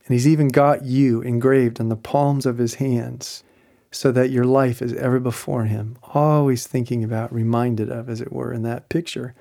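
A man's voice: mid-range voice, little pitch movement, normal speed, gravelly, mellow. A man giving a devotional teaching talk, telling stories earnestly and ending in spoken prayer. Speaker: Christian teacher.

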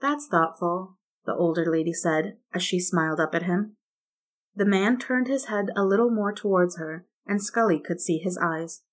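Woman reading a story, slightly low voice. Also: normal speed. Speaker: fan fiction reader. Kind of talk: scripted story narration.

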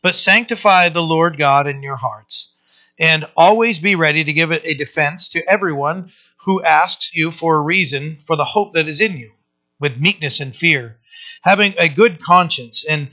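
A male pastor preaching a conversational sermon, often pausing with fillers and restarting his sentences. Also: fairly high pitch, sharp tone, lo-fi sound.

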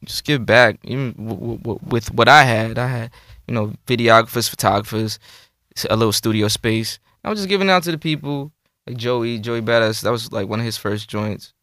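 A man, a rapper guest telling his story in a relaxed, slangy way. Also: medium pitch, fairly quick, no room sound, studio quality. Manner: relaxed, laid-back recounting with slang. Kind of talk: casual interview chat.

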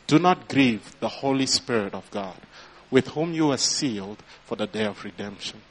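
A man's voice: mid-range voice, expressive, moderate pace. A man preaching a sermon as pastor, prompting the congregation and rising into emphatic bursts.

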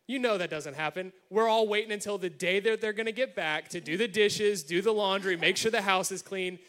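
A man's voice: high voice, brisk, fairly bright tone. A man giving a sermon-style talk about marriage, earnest and explaining with everyday examples. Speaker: married speaker at church.

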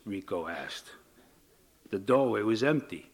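Male reader at a writing awards event, measured and dramatic, reading first-person prose. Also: lowish voice.

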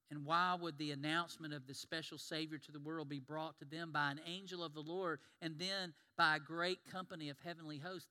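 A man's voice: fairly high pitch, smooth. A man preaching a sermon, telling Bible stories and acting out the voices of the people in them. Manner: animated storytelling, acts out quoted biblical voices. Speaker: pastor. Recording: long reverb of a large hall.

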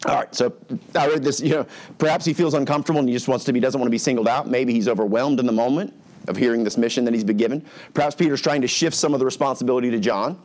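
A man's voice: mid-range voice, very fast, a little mellow. A conversational middle-aged male pastor. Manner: conversational, acts out characters' lines. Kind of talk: expository sermon.

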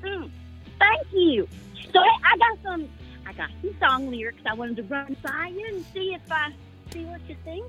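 A woman's voice: extremely high pitch, very animated, moderate pace, bright, forceful tone, soft background music, low-quality recording. A woman calling in to a comedic radio bit, talking in a giggly, loose, playful way. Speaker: caller. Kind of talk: comedic call-in role-play.

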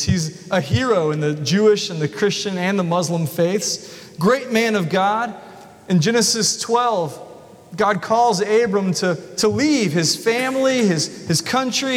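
A male pastor preaching a sermon in a church, telling the story in an animated way. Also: high-pitched. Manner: storytelling, animated, acts out voices. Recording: long reverb of a large hall.

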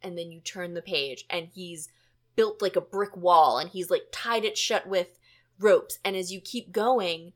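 A woman hosting a podcast in casual chat, animated and chatty with plenty of fillers. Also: on the low side, measured pace. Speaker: podcast host.

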